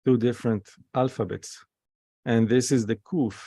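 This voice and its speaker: A man's voice: medium pitch, steady tone, normal speed, mellow, slightly rough, no room sound, studio quality. A man teaching a Hebrew class over a video call, patiently spelling out letters and vowels.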